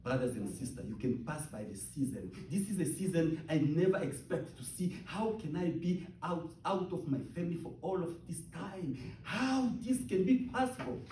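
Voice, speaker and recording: Man, sermon, emphatic and repetitive, loud then hushed, fairly high voice, distant mic. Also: lively intonation, moderate pace, few pauses, reverberant, slight background noise. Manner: emphatic and repetitive, swinging between loud outbursts and hushed near-whispers. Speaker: pastor.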